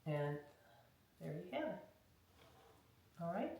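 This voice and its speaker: A woman's voice: fairly low pitch, big pitch swings, slow, creaky, a little mellow. A woman leading a hands-on craft tutorial, talking through each step in a chatty way and often checking in with "okay?". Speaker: craft instructor. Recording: very echoey room, mic far off, faint noise.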